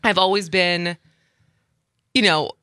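A woman in her thirties from the Midwestern US, hosting a casual chat with a lively, sarcastic manner. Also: on the low side, slow pace, dry recording, studio quality. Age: 30s. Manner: lively, sarcastic, laughs often. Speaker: podcast host.

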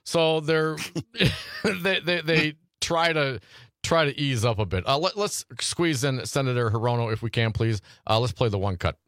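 A male radio talk show host taking calls, who gets louder and faster when fired up. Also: mid-range voice, animated, no echo, studio quality. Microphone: studio mic.

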